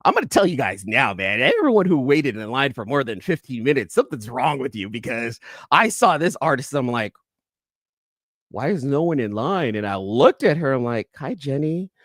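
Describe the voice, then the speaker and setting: A man's voice: mid-range voice, big pitch swings, a bit bright, no room sound, clean studio sound. A man hosting a casual comic-book haul vlog, rambling with many restarts and asides to viewers. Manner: rambling, self-interrupting, quick asides to viewers in live chat. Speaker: YouTube comic collector host.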